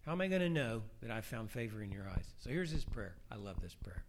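A middle-aged man preaching a sermon, shifting between soft, hushed prayer lines and rising, emphatic questions. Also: fairly low pitch, sing-song, fast talker.

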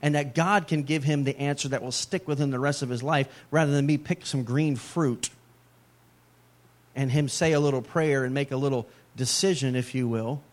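A man's voice: mid-range voice, fairly even intonation, normal speed. A middle-aged man preaching a sermon as a pastor, in a conversational way with joking asides.

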